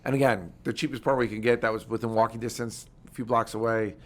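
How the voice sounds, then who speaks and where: A middle-aged man talking at a brisk, rapid clip in a casual interview. He tells energetic stories and acts out the people he quotes. His pitch sits at an ordinary middle level. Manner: energetic, animated storytelling that acts out quoted conversations. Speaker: guest, military veteran and former congressman.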